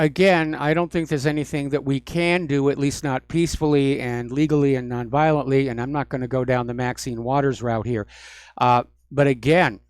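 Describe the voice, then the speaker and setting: A man hosting a talk radio show, speaking in a measured, calming way. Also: mid-range voice, smooth, dry recording. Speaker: radio host.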